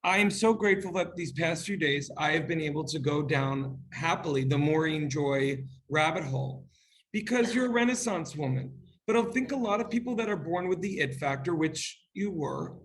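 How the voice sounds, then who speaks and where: Gushing male interviewer, higher voice. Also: lively intonation, moderate pace, a bit bright, rough recording. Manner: effusive, emotional, gushing praise. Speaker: interview host. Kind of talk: casual interview chat.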